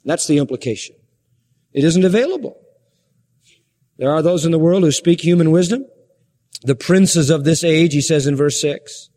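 A man preaching a sermon with emphasis, firing rhetorical questions and shifting his pace from slow to quick. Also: on the high side, warm tone, long reverb tail.

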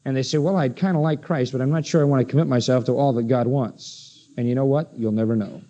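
A man preaching an expository sermon, emphatic, firing rhetorical questions at his listeners and slowing down to read scripture aloud. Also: mid-range voice, steady tone, mellow. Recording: dull lo-fi sermon recording.

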